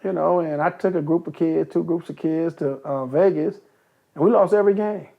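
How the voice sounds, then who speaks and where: An older man from Compton, California, telling stories as an interview guest, animated and swearing freely. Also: fairly high pitch, fairly quick, creaky. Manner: animated, acts out quoted voices, swears freely. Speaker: interview guest, youth basketball coach. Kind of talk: casual storytelling. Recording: dull lo-fi recording.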